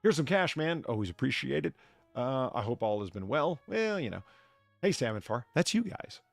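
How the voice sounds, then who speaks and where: A man's voice: mid-range voice, very animated, moderate pace, creaky, no room sound, soft background music. A man from the United States hosting a live stream, chatting casually in a rambling, profane way that is full of restarts. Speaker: streamer and bartender host.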